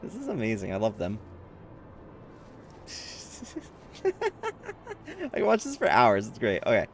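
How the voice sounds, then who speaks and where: A man streaming his reaction to a game, excitable and quick to exclaim, often laughing. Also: fairly low pitch. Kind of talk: casual video game reaction.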